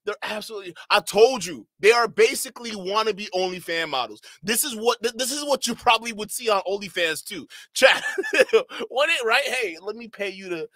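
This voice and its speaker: A man's voice: high-pitched, lively intonation, brisk, pushed and bright, dry recording. A man reacting to a video on a live stream, mocking it in slang and breaking into laughter again and again.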